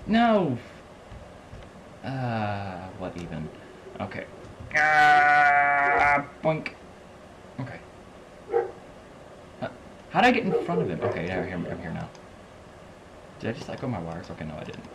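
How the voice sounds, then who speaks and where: Excitable young man narrating gameplay. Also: lowish voice, gravelly, a little hiss or hum. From American South. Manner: excitable, laughing, swings from mumbling to yelling. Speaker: gaming channel host. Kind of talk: let's play commentary.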